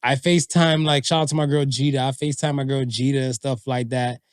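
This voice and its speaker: A man's voice: a little fast, smooth, no echo. A man co-hosting a podcast in casual chat, telling stories and doing quoted voices, in a dry room. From Jamaican family background. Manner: animated storyteller, acts out quotes in high voices. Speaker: podcast co-host.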